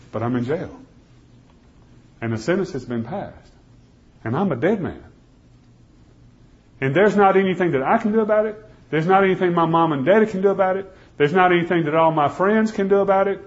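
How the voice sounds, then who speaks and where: A man preaching a sermon, telling a first-person story, swinging from loud pleading to hushed, near-whispered lines. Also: sits high, animated, moderate pace. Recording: dull lo-fi recording.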